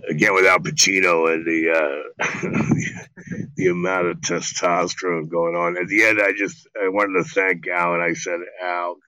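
A middle-aged man, an actor being interviewed, telling stories in a casual, animated and profane way, acting out quotes. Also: deep voice, normal speed, clear, resonant tone, no room sound, rough recording. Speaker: actor guest.

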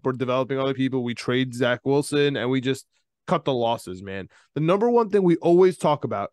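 A young man, co-hosting a casual sports podcast, rambling and excitable, laughing often. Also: on the high side, no echo, clean studio sound. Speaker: podcast co-host.

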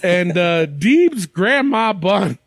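Male podcast host, animated pitch, dry close sound, loose profane banter. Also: takes it slowly, gravelly, no echo. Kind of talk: casual chat.

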